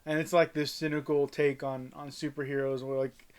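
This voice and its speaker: A man's voice: medium pitch, level tone, moderate pace, clear, resonant tone. A man co-hosting a review podcast in casual chat, rambling and hesitant with many fillers. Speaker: podcast co-host.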